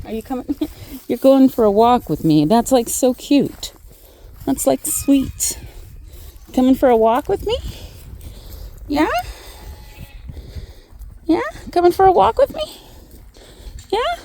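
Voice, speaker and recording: A woman chats with her farm animals outdoors in cooing baby talk. Her voice sits fairly high and swoops up and down. She talks slowly and fondly, with faint bleating in the background. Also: very animated, mellow, a little hiss or hum. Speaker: hobby farmer vlogger. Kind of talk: casual farm vlog talk. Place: outdoor barnyard.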